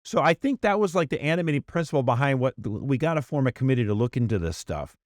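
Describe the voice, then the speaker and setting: A man co-hosts a casual podcast, animated and exasperated, and his voice sits at a middle pitch. The sound is dry and close, with no room around it. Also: fast, dry recording. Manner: animated, exasperated, mocking voices when quoting. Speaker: podcast co-host. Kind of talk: casual political chat.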